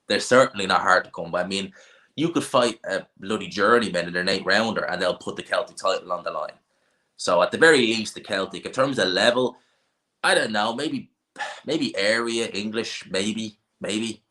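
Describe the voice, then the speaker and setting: A man from Ireland with a North Dublin accent hosts a casual livestream, answering viewer questions with blunt, offhand opinions and often restarting his sentences. His voice is on the low side, bright and forceful, at normal speed.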